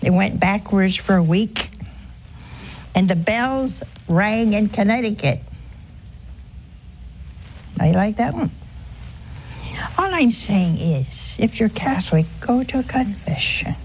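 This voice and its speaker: A woman in an informal religious broadcast, telling a story earnestly and with emphasis, sometimes dropping to a hushed voice. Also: medium pitch, lively intonation, slow pace, pauses often, slight background noise. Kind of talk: informal spiritual talk with a story.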